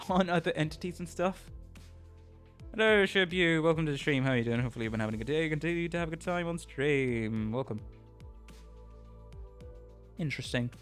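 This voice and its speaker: A man's voice: fairly high pitch, animated, normal speed, long pauses, fairly bright tone, faint music behind. A man streaming a game, reading its story aloud, laughing often and chatting with viewers.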